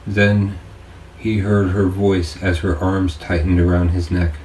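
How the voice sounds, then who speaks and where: Reading an audiobook, a man speaks in a deep, mellow voice with an earnest, measured, monotone delivery. He is far from the microphone in a roomy space, and a faint hiss runs underneath.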